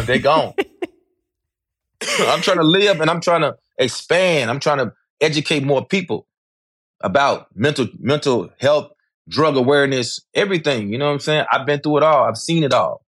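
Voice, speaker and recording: A man's voice: on the high side, expressive, moderate pace, fairly bright tone, slightly rough, no room sound, studio quality. A middle-aged man, speaking candidly as an interview guest, emphatic and repetitive, swearing freely.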